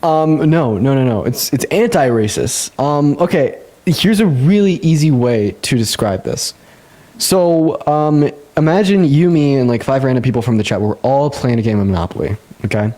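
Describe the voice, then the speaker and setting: A young man hosting a casual livestream debate, talking fast, laughing and swearing, with sudden jumps up in pitch when he gets excited. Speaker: livestream host.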